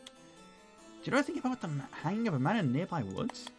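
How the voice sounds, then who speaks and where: A man's voice: high voice, very animated, quick pace, voice pushed up. A man with a Northern English accent reading the lines of a man searching for his missing wife and children, asking plain questions, with faint music behind. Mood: questioning.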